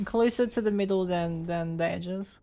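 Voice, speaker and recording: A woman in her twenties with a lowish, dark-toned voice talks at normal speed during her stream. While gaming and reading chat, she's playful and giggly with her viewers, thinking things through aloud.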